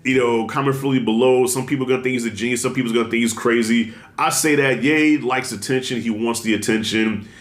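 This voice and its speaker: A man giving blunt, animated commentary in a casual vlog, talking with heavy slang and strong emphasis. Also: mid-range voice, brisk, hardly any pauses. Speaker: commentary vlogger. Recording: roomy echo.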